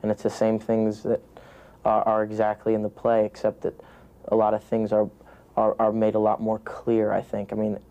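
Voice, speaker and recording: A man's voice: lowish voice, completely flat delivery, moderate pace, warm tone. A young American man, an actor, talking through an interview with many restarts and "you know" fillers. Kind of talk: press junket interview.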